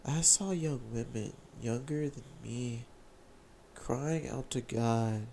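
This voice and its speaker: A young man telling an emotional, excited personal testimony, repeating phrases as he speaks. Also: medium pitch, slow pace, slight background noise.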